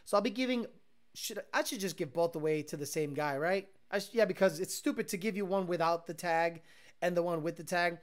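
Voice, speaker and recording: A woman's voice: lowish voice, fairly quick. A woman hosting a casual livestream, reading comments and answering bluntly, with profanity and Spanish slang mixed in. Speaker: streamer and car enthusiast host.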